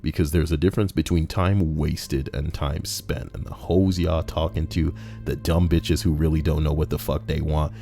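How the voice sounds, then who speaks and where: A man's voice: rumbling low, flat delivery, normal speed, gravelly, few pauses, dark tone, soft background music. A man reading stories aloud and breaking off into mocking, profane rants at the writer and the listener. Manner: brash, mocking, profane rants between read passages. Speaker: story reader and commentator.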